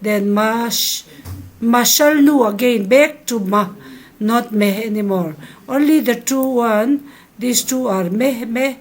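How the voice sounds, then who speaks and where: Slow, patient woman teaching verb forms. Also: mid-range voice. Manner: slow, repeats each verb form for students to echo. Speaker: Hebrew teacher. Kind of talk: recorded grammar lesson.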